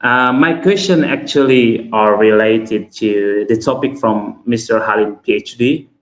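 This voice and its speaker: A man's voice: lowish voice, measured pace, muffled recording. A man with a flu, a university English teacher asking a courteous question on a webinar call, with many fillers. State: stuffy with a flu. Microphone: video call. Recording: echoey room over a video call.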